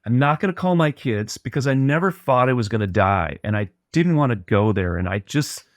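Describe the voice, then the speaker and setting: A man's voice: medium pitch, expressive, brisk, no echo, clean studio sound. A middle-aged man, a podcast guest, earnestly and reflectively retelling a personal story in conversation.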